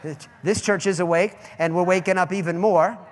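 A man preaching a fiery sermon as pastor, swinging between loud, high outbursts and quieter asides. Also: fairly even intonation, normal speed. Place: church sanctuary. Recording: long church-hall reverb.

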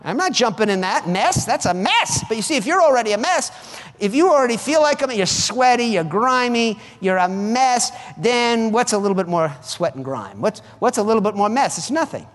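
Preacher guy w a high lively voice, lots of ups and downs, long hall echo. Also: fairly quick, hardly any pauses. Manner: emphatic and conversational, repeats phrases for effect. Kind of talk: sermon.

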